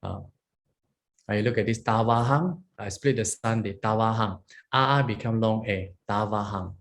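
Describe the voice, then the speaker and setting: A man's voice: on the low side, normal speed, fairly bright tone. A man teaching Pali grammar, walking through each word and checking in with his listeners as he goes. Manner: explains step by step, checks in with "huh?" and "okay?".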